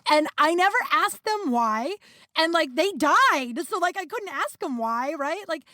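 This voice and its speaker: A woman's voice: very high-pitched, expressive, unhurried, sharp tone, no room sound, clean studio sound. A young woman hosting a podcast, telling rambling stories in casual chat, with plenty of fillers and swearing. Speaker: podcast host. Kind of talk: casual storytelling monologue.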